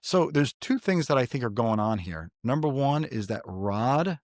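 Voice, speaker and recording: A middle-aged man from New York hosting a casual faith podcast, telling stories in an animated way and often repeating himself. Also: mid-range voice, moderate pace, dry recording, clean studio sound. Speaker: podcast host.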